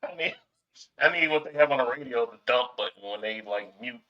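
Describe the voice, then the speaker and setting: A man's voice: medium pitch, brisk, dull audio. A man co-hosting a podcast as its producer, teasing and insistent in casual chat.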